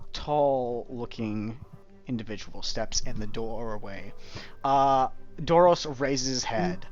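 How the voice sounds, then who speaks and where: A man runs a tabletop game with loose, halting narration full of fillers. His voice sits in a middle range. The stream audio is muffled, with soft music in the background. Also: mid-range voice. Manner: casual, halting, many fillers. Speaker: game master.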